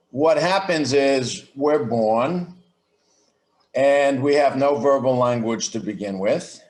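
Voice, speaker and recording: A man's voice: medium pitch, reverberant. A man speaking as a podcast guest over a video call, explaining his ideas thoughtfully and restarting his sentences often. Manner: slow, reflective explaining with frequent restarts. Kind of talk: conversational interview.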